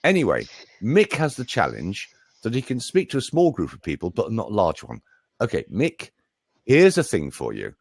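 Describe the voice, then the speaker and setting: A man's voice: fairly low pitch, huge pitch swings, normal speed, creaky, breathy edge, no echo. A middle-aged British man, a voice coach, chatting in a jokey, show-off way. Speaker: voice coach and speaker. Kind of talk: casual live chat.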